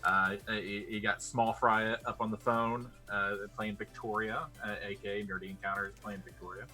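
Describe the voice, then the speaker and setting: A man recaps a tabletop vampire game in a loose, joking way, swearing freely. His voice is bright and forceful, and his sentences trail through uhs and restarts. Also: fairly low pitch, flat delivery, moderate pace, soft background music. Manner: joking, swearing, laughing, rambling. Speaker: player, co-host. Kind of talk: casual chat streaming a tabletop game.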